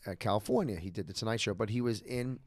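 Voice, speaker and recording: A man's voice: fairly low pitch, fast, dry recording. A man, casually telling a story on a podcast, rambling with fillers and perking up when he quotes people. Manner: rambling with many fillers, lively when quoting others. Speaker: podcast co-host.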